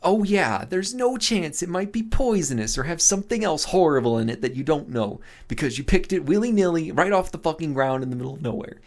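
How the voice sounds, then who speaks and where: A man's voice: a little high, sing-song, moderate pace, pitched above the performer's own voice. A man voicing Loxa, a prickly young man who answers with sarcastic, indignant outbursts. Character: sharp-tongued young male Loxa, prickly and defensive.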